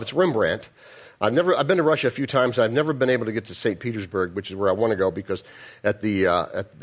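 Brief: male pastor, lively sermon delivery, chatty and wry. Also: mid-range voice. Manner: animated, humorous asides, conversational.

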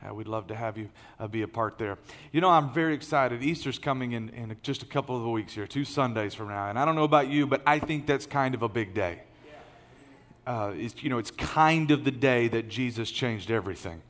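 A brisk, medium-pitched male voice with a fairly bright tone belongs to a middle-aged lead pastor. He preaches folksily and conversationally, with many fillers and restarts, in a large church auditorium whose long hall reverb colors the sound.

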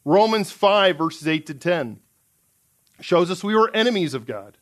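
A man's voice: high voice, lively intonation, measured pace, fairly bright tone. A man preaching a sermon in an earnest, emphatic way, reading out scripture passages.

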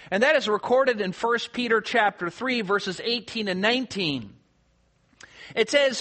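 A man delivering a sermon with a high, bright voice. He explains scripture passages with earnest conviction and sometimes lowers to a hushed tone to stress a point. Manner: earnest expository preaching, quoting scripture, drops quiet for emphasis. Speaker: pastor.

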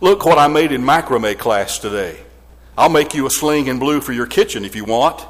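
A man reading aloud the slow, wandering questions of a forgetful elderly mother, in a hall with long reverb. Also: mid-range voice, lively intonation, close to an everyday voice. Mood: plaintive.

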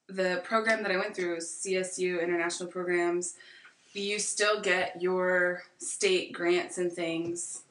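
A woman's voice: lowish voice, flat delivery, slow, a bit bright, reverberant, far from the mic. A young American woman in her twenties, a podcast guest, talking reflectively in a rambling, casual way with many fillers. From United States. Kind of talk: casual conversation.

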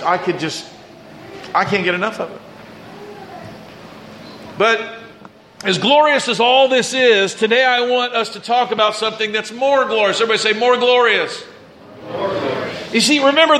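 High, bright-voiced pastor preaching in an echoey room. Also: male voice, slight background noise. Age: 40s. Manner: conversational preaching with call-and-response prompts. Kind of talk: sermon.

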